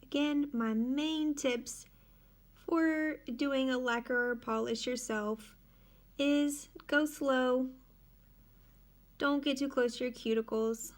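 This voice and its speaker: A woman with a slightly high voice hosts a casual how-to from her dining room. She talks unhurriedly and narrates each step as she goes, like she is chatting with friends. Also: steady tone, slow. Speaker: nail tutorial host.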